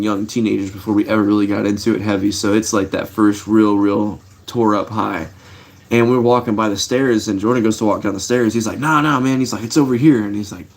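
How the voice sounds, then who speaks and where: A middle-aged man with a slightly low voice hosts a livestream, telling stories to his live chat in a laid-back, rambling way packed with fillers and restarts.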